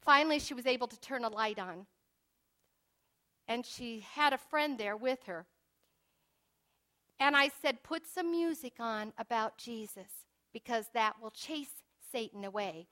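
A woman preaching a sermon in an earnest way, moving from hushed asides to emphatic declarations. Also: on the high side, animated, measured pace.

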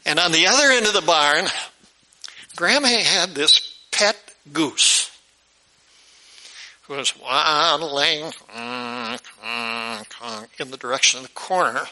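A pastor tells a lively story from the pulpit and jumps into the characters' voices as he goes. His voice is high for a man and very bright and sharp. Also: rough recording. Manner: animated, acts out the characters' voices. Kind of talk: storytelling sermon.

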